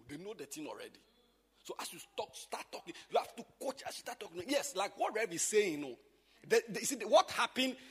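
A pastor with a high, husky voice that leaps up and down as he teaches. He jumps from loud exclamations to quiet asides. The sound rings with a long echo, as if in a large hall. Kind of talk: informal church teaching.

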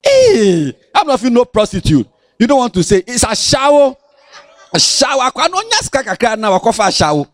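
A man with a Ghanaian accent preaches to children in a high voice that swoops up and down all the time. His delivery is sing-song and playful, teasing the listeners as he goes. The sound is close and dry. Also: huge pitch swings, a little fast, no echo. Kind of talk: lively Bible lesson for children.

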